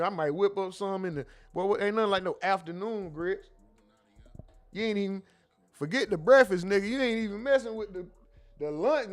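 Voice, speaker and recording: A man hosting a casual commentary livestream, reading the chat aloud and bantering in loud, laughing, slangy outbursts. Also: sits high.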